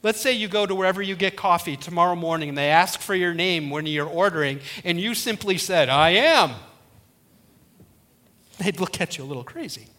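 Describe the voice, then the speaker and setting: A man's voice: high voice, quick pace, hardly any pauses, sharp tone. A middle-aged male pastor preaching a sermon, retelling a story and acting out the quoted voices.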